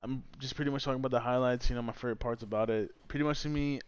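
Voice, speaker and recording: A man's voice: medium pitch, fairly even intonation, very fast, smooth, no echo. A young man vlogging, casually retelling a story from his school days in a rambling, profane way. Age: young adult. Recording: dry, slightly dull close recording.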